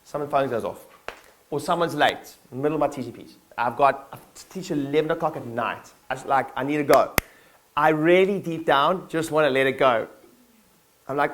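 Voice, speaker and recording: A fairly high-voiced man gives a motivational keynote to his employees. He talks loosely and energetically, full of fillers, and keeps asking the crowd to repeat phrases back to him. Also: moderate pace, a little hiss or hum. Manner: energetic, casual, lots of fillers and audience call-and-response. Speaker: business owner giving a keynote to staff. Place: conference hall with an audience.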